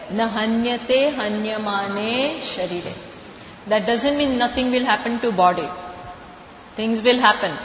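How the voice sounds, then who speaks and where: Indian woman teacher, fairly high voice, lecture recorded in an echoey hall with faint room noise. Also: fairly bright tone. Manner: explanatory, repeats key words, light laughs. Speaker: spiritual teacher. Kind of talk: scripture lecture.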